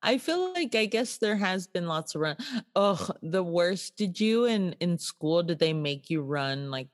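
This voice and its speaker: A young woman in casual comedic chat, unhurried and laughing along with dry jokes. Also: lowish voice, sing-song.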